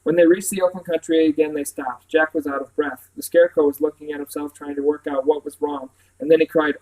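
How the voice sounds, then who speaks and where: A man reading a children's story aloud in a lively, expressive way, with occasional slips. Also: on the high side, fairly quick, few pauses, low-quality recording.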